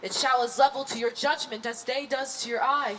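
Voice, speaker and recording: A woman acting a calm, persuasive king in a Shakespeare staging, measured and soothing. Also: high-pitched, music in the background, natural voice.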